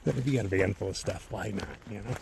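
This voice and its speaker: A man telling a story outdoors on a hiking trail, ranting and swearing in a loose, animated way that swings from loud outbursts to muttered asides. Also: fairly low pitch, fast, gravelly, background noise. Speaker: long-distance thru-hiker vlogger. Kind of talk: casual storytelling.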